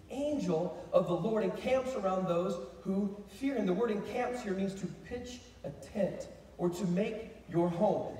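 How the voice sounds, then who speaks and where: Guy pastor preaching, high voice, lively call and response, echoey church heard from far off. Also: brisk, slight background noise. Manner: animated preaching, chanting phrases with call and response. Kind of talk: sermon. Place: church sanctuary. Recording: echoey hall recorded from far off.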